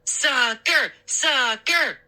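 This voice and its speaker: A woman voicing a mischievous young boy who cries out excitedly, in a read-aloud scary story. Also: fairly high pitch, slow pace, voice pushed up, heavily acted. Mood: gleeful. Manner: excitable, crying out.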